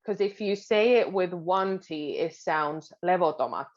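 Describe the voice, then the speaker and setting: A woman teaching pronunciation at an unhurried, careful pace, repeating words patiently. Her voice sits a little low. The recording sounds dull and lo-fi. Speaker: Finnish language teacher. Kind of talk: pronunciation lesson.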